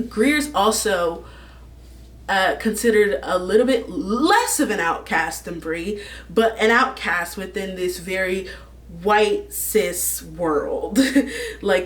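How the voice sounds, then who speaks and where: A woman's voice: medium pitch, distant mic. A young woman vlogging in a casual, rambling, gushing way, laughing often as she talks about a book's characters. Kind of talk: casual fan casting chat.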